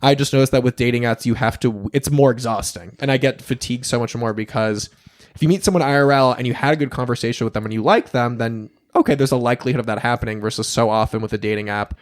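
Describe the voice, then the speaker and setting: A young man talking as a podcast guest in casual interview chat, blunt and emphatic, swearing freely with lively asides. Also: mid-range voice, fast talker.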